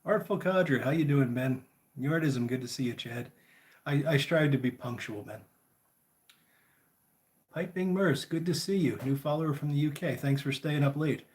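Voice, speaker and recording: A man hosting a casual live chat, greeting viewers by name in a relaxed, friendly way. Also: on the high side, normal speed. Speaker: livestream host.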